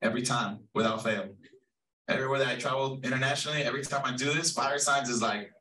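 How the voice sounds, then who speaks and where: Bright-voiced man leading a crowd. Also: medium pitch, fast, far from the mic, rough recording. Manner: energetic, playful, calls to the crowd. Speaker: workshop facilitator. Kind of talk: leading a group activity. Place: large event hall.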